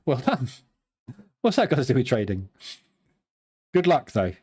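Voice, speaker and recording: A man's voice: medium pitch, big pitch swings, unhurried, a little mellow, slightly rough. Chatty British man hosting a trading stream. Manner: chatty, joking, digressive. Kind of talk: live trading stream commentary.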